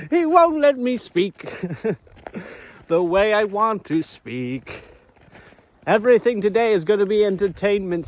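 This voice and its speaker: Playful male vlogger with a high voice, unhurried and drawn out, rambling sing-song chat on a walk. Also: vocal fry, a bit bright. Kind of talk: casual walk-and-talk vlog. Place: outdoors on a walk.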